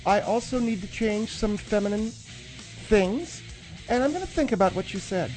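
A man's voice: high voice, animated, moderate pace, a little mellow, faint music behind, voice pushed up. A man voicing a fussy, easily offended wife who calls in to the show. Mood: indignant. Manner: prim, indignant, takes offense. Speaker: caller.

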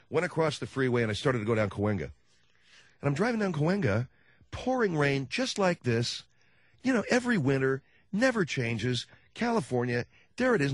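A middle-aged man telling a comic story on his show, animated, with sardonic dark humor. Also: fairly high pitch, husky, dry recording.

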